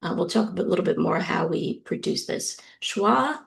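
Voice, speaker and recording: Woman lecturer, low voice, heavy vocal fry, unhurried, lots of ums. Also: animated. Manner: slow, deliberate explaining with many ums. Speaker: university lecturer. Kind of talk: recorded lecture.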